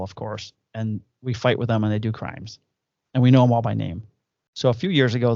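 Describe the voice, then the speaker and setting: A man's voice: mid-range voice, creaky, no room sound, lo-fi sound. A man, a police officer co-hosting a podcast, telling profane stories in casual chat. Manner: profane, animated anecdote telling with acted quotes.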